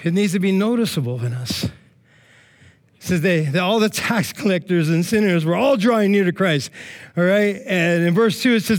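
A male pastor giving a sermon in a lively, joking, conversational way. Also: sits high, normal speed.

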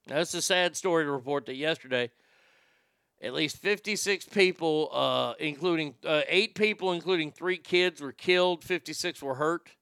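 Dude rambling jokes on his podcast, gravelly, bright and tense, slightly high. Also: dry recording, studio quality. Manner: irreverent, rambling, deadpan jokes. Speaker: comedy podcast host. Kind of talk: rambling comedic monologue.

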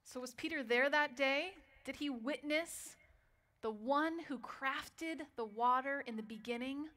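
A woman preaching a sermon, telling a story and dropping to a quiet voice for dramatic moments. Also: high voice, takes it slowly.

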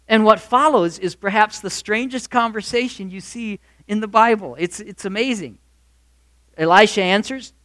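A man preaching a sermon, retelling a Bible story in an animated way and acting out the voices of its figures. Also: high voice, normal speed. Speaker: pastor.

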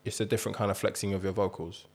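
Young male podcast host, low-pitched, casual storyteller. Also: racing, husky. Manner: animated storyteller, laughs through his own jokes. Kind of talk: casual chat.

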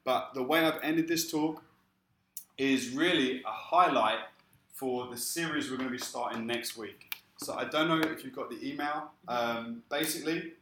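A man preaches, weaving a personal testimony into his sermon. He tells his story in a lively way and acts out the voices of the people in it. His voice is bright, and it rings through a roomy church hall with a faint hiss behind it. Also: mid-range voice, moderate pace. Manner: lively storytelling, acting out quoted speech. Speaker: pastor.

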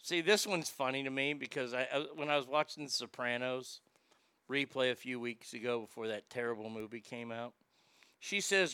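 Reacting to etiquette tips on a stream, a man sounds smooth and medium-pitched, speaking at a moderate pace with no room sound. He is crude, sarcastic and profane in his mockery, animated and jumping into loud shouts.

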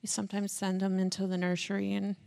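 Emotional mother with a gravelly warm voice. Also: medium pitch, completely flat delivery, quick pace. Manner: earnest, heartfelt. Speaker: mother sharing a testimony. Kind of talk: church testimony.

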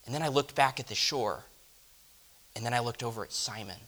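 A man delivering a first-person dramatic monologue, reflective and often dropping to a hush. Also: medium pitch, a little fast, long pauses. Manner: reflective, dropping to hushed tones. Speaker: storyteller.

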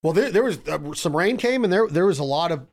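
A man in casual podcast chat, telling excited, profane stories and calling his friend "bro" and "dude". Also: sits high, fast.

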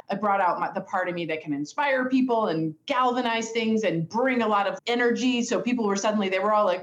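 A woman's voice: a little high, normal speed, few pauses, highs cut off. Enthusiastic woman on a roomy video call. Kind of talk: casual conversation.

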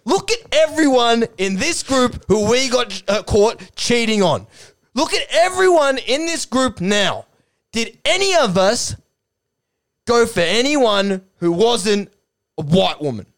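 Brash, rowdy ex-player pundit, high and shouty; played by a man. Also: quick pace, few pauses. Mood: accusing. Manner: shouting, rambling rant.

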